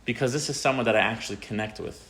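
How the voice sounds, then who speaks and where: A rabbi giving an informal, animated talk to teenagers. He tells a story and often asks the audience questions. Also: fairly low pitch, racing. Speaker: rabbi teaching teens.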